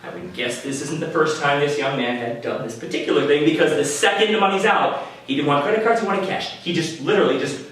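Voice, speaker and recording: A man telling a personal story at a live story slam in a conversational, animated way, with quick asides to the audience. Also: on the high side. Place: small venue before a live audience. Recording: echoey room, mic from a distance. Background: audience laughter.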